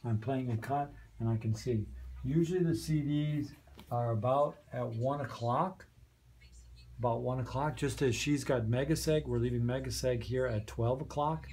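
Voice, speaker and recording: With a mid-range, darkish voice at a moderate pace, a man trains volunteers on a community radio studio's soundboard. He explains it hands-on and patiently checks their understanding along the way.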